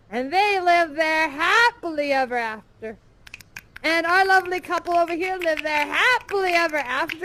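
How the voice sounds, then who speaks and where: A woman with a very high voice improvising a playful, theatrical tale. She narrates with dramatic flair over faint background noise. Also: a bit bright. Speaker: storyteller. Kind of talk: improvised puppet-show storytelling. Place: virtual reality game.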